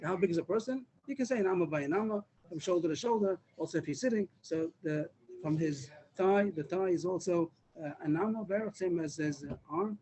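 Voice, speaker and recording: Fast-talking man teaching a Talmud class. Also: sits high, darkish tone, low-quality recording. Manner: explains step by step, repeats words, many restarts. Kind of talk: Daf Yomi class. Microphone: video call.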